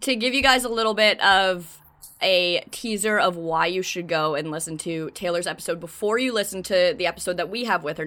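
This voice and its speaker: Low, bright-toned woman co-hosting a podcast. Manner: enthusiastic, chatty, many fillers. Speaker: podcast co-host. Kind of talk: casual podcast chat.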